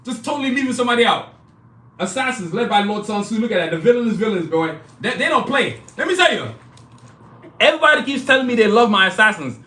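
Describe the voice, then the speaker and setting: A man hosting a live stream, pitching his own comic art and merch in a hyped, casual way, repeating himself and talking straight to viewers. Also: big pitch swings, quick pace, sharp tone, echoey room. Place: indoor studio, clothing hanging behind him.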